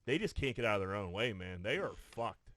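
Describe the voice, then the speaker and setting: A man's voice: fairly low pitch, big pitch swings, a little fast, a bit bright, dry recording. A man co-hosting a podcast, telling a profane story with lots of restarts and acted-out quotes. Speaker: podcast co-host. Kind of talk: casual chat. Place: podcast studio.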